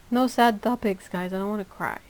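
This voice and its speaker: Woman livestream host; chatty and easygoing, reacting to chat, warm mellow tone. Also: medium pitch, poor audio.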